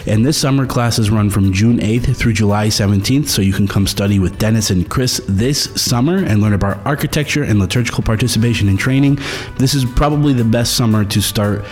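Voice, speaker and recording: A man's voice: on the low side, brisk, a little mellow, faint music behind. A man hosting a podcast, reading promos and joking with easygoing humour. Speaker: podcast host and producer. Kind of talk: casual podcast chat and promo reads.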